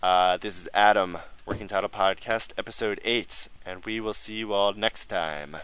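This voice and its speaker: Smooth low-voiced male podcast host. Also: moderate pace. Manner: relaxed, rambling with fillers and self-corrections. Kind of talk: casual podcast chat.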